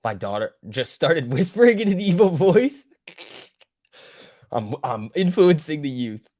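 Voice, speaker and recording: A man's voice: on the high side, very animated, measured pace, darkish tone. A man hosting a stock market livestream, chatting casually, joking and swearing as he reacts to his viewers. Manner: joking, profane, reacting to chat.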